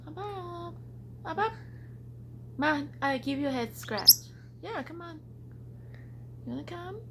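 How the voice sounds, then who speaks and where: Lively-voiced woman over a humming room. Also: very high voice, a little slow. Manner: playful, teasing banter. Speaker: pet bird owner. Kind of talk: casual home video chat. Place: home. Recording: home recording with clear hum.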